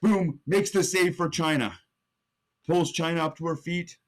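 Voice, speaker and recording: A man's voice: on the high side, unhurried. A young man co-hosting a podcast, telling an imagined match blow by blow and building hype with sudden rises in his voice. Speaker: podcast co-host. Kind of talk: animated play-by-play storytelling.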